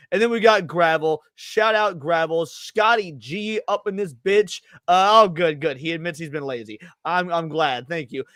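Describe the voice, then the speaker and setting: A man hosting a casual livestream podcast, energetic and chatty, reading out names from the chat. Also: high-pitched, no room sound, studio quality. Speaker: podcast host.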